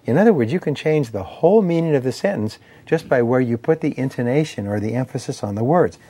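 A man delivering a motivational lecture on persuasion, measured and emphatic, ticking through points in steady lists. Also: medium pitch, slightly rough. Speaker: speaker on persuasion and sales.

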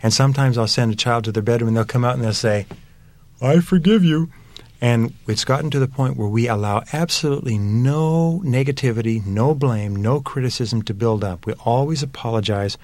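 A man's voice: medium pitch, a little fast, few pauses, darkish tone, no room sound. A man giving earnest, emphatic parenting advice in a motivational talk, building his points through repeated phrases. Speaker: parenting speaker.

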